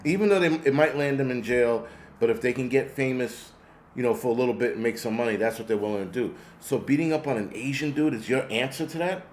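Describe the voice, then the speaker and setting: Fast-talking and a little mellow at medium pitch, a male host rants with blunt sarcasm and heavy profanity as he replies to viewer comments, sounding exasperated. Slight background noise sits under his voice.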